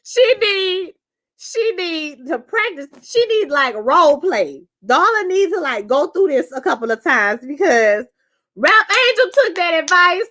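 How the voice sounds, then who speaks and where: A woman hosting a casual live review chat, animated and profane, acting out quotes in character voices. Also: very high voice, a little slow. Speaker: show reviewer.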